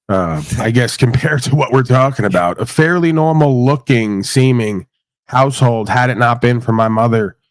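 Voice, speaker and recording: A man's voice: medium pitch, no echo. Man, livestream host, blunt and profane, laughs a lot, dry close sound. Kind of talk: casual livestream chat.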